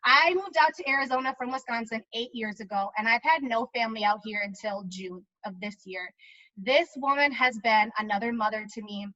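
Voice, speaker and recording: A woman's voice: fairly high pitch, fairly quick, pushed and bright, no room sound. A young woman hosting an online event, giving a heartfelt introduction and repeating key lines for emphasis. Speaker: event host. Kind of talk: emotional introduction. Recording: dull lo-fi audio.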